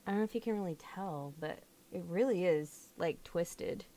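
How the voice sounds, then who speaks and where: A woman's voice: on the low side, moderate pace, mellow. A young woman chatting through a fiddly crafting job at home, often exclaiming as she works. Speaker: doll hobby vlogger. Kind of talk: casual crafting vlog.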